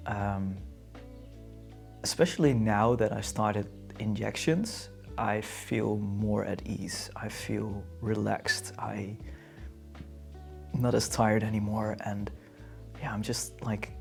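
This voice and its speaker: Low gravelly young man, Dutch accent. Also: fairly even intonation, soft background music. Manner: hesitant, halting, searching for words. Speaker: vlogger. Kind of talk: casual chat to camera.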